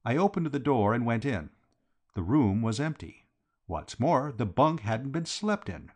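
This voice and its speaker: A man's voice: medium pitch, big pitch swings, measured pace, darkish tone, husky. A man narrating a classic comic novel as an audiobook. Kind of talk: scripted narration.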